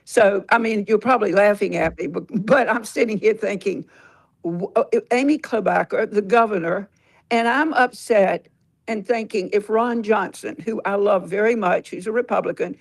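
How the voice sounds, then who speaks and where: A woman calling in to a live political audio chat, rambling and earnest with many pauses. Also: mid-range voice. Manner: rambling, earnest, halting with fillers. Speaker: caller. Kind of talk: call-in comment on a live audio room.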